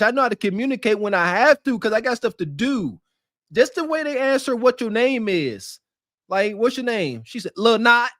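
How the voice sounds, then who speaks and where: A man co-hosting a podcast, reacting to street interview clips with animated, laughing, mocking commentary. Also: high voice, dry recording, studio quality. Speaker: podcast co-host.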